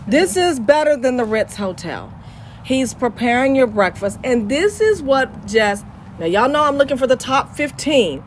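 A woman with an East Texas drawl, chatting on Christian radio with exuberant, preachy energy and a slightly high voice. She keeps repeating her phrases for effect. A faint hum of ambience and vehicle noise sits behind her. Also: big pitch swings, moderate pace. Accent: Southern US, East Texas. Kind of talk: lively radio chat.

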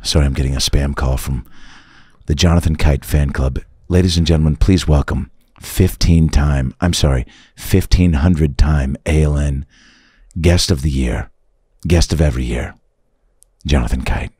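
A man's voice: extremely low pitch, darkish tone, husky, no echo, clean studio sound. A man hosting a comedy podcast, playful and riffing in casual banter. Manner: playful, riffing, quick to laugh. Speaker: podcast host.

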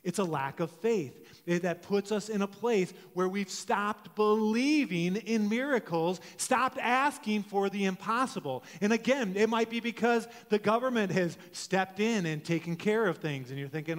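A man in his forties gives a conversational sermon in a high voice. He tells stories in a relaxed way and often stops to correct himself. The sound carries the long reverb of a church hall. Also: measured pace, hardly any pauses. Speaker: pastor. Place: church sanctuary.

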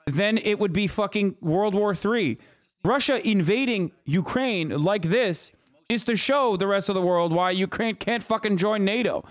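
A man's voice: high voice, no echo. A man streaming live, reacting to news with agitated, profane ranting.

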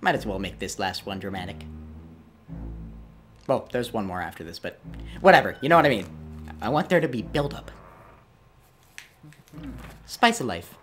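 A man's voice: on the low side, lively intonation, moderate pace, long pauses, fairly bright tone, faint music behind. A man commentating his own gameplay, easily frustrated, swearing and pleading at the game as he plays. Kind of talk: let's play commentary.

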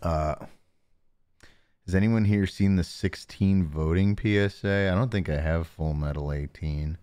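A man hosting a live stream, chatting casually with viewers and talking softly close to the mic to save his voice. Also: sits low, unhurried, clean tone. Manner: joking, reads chat names aloud. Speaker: livestream host.

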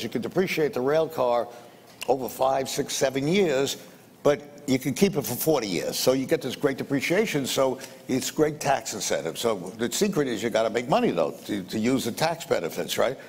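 A man's voice: medium pitch, expressive, brisk, breathy edge. Blunt older man telling stories in a reverberant room. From United States. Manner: blunt, acts out the dialogue in his stories, with punchy repetitions. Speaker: businessman interviewee. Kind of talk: anecdotal storytelling. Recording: reverberant room with faint background noise.

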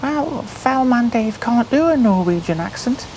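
Brief: comic talking tent, a man doing it, shrill and scolding, drawn-out delivery. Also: expressive, darkish tone, a little hiss or hum, low-quality recording. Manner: scolding, high squeaky put-on voice. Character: talking tent, sulky and reproachful.

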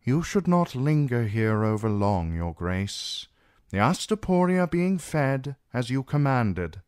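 A man's voice: medium pitch, sing-song, measured pace, darkish tone, clean tone, dry recording, clean studio sound, pitched above the performer's own voice. A man playing a grave old knight. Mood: worried. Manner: grave, formal. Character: older male knight, loyal and cautious.

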